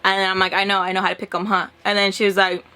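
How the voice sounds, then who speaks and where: Bright, animated young woman telling a story. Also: medium pitch, rapid-fire, a little hiss or hum. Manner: animated, acts out dialogue, frequent swearing. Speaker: storytelling vlogger. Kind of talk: casual storytime.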